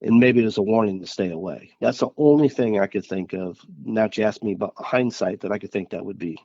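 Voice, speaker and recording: A man from Missouri, a guest on an interview podcast, recounting experiences in a halting, earnest way with frequent restarts. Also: fairly low pitch, mellow, dry recording, highs cut off. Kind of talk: casual interview chat.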